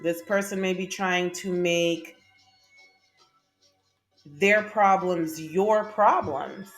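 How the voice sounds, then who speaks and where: A woman's voice: on the low side, steady tone, extremely slow, soft background music. A woman doing a casual tarot reading to camera, chatty and emphatic, often laughing. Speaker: tarot reader.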